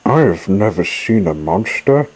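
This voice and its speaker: Elmer, a gentle patchwork elephant from a storybook, put on by a man reading aloud, calm and mildly amused. His voice sits fairly low and husky, with an unhurried ease. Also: full character voice, low-quality recording. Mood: calm curious.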